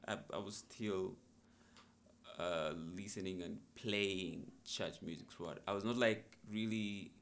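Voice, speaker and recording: A man's voice: sits low, steady tone, unhurried, vocal fry, a bit bright. A young man, a musician, telling his story in a casual podcast interview in a laid-back, reflective way. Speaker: musician guest.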